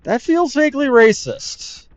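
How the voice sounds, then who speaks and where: A man hosts a let's play with chatty, wry commentary full of rambling asides. His voice is very high and very animated, yet unhurried. The recording comes from a dull lo-fi mic with game music behind him.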